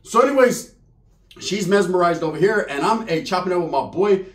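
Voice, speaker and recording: Man, slangy, profane, high voice, echoey room. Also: expressive, fairly quick. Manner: slangy, profane, acts out voices of people in the story. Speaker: storyteller. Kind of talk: crude comedic storytelling.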